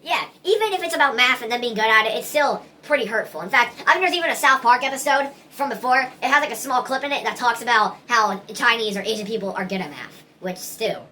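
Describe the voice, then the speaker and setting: A woman talks straight to the camera in a casual opinion vlog, earnest and rambling, often stopping to restart her sentences. Her voice sits a little high and sounds bright and forward. A faint hiss runs underneath. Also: fast, few pauses. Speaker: vlogger.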